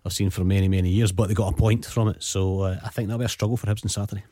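A man's voice: lowish voice, fairly even intonation, racing, dark tone, dry recording. A man with a Scottish accent talking football on a radio show, rambling and repeating himself. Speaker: football pundit. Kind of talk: casual sports radio chat.

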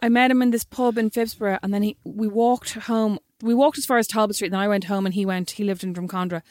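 A podcast co-host talks quickly in a steady, mid-range voice with a slightly mellow quality. Her casual chat is blunt and teasing. The recording is clean studio sound with no room noise.

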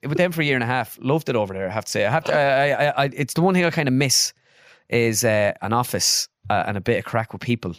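A man's voice: mid-range voice, lively intonation, fast talker, no room sound, clean studio sound. A man in his twenties with an Irish accent, a guest telling rambling stories full of fillers in a casual interview. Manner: rambling anecdotal storytelling with many fillers. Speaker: guest, impressionist.

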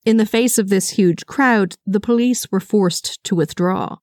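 A woman podcast host reading scripted true-crime narration, with brisk, conversational asides. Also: medium pitch, a little mellow, dry recording, studio quality.

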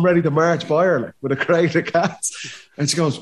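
A man's voice: medium pitch, brisk, a little hiss or hum. A man in his thirties with a Dublin Irish accent, telling a casual story as a podcast guest, full of acted quotes and laughter. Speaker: podcast guest, former footballer.

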